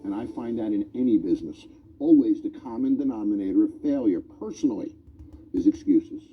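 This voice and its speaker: Tinny, lively man challenging his listeners. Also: lowish voice, brisk, breathy edge. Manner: challenging, uses pointed rhetorical questions. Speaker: motivational speaker. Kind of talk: motivational speech. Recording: tinny phone-like recording over faint music.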